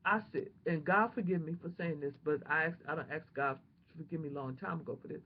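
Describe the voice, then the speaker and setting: A woman vlogger telling a personal testimony in an animated, emotional, prayerful way, on a dull lo-fi home recording. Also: deep voice, fast, a little hiss or hum.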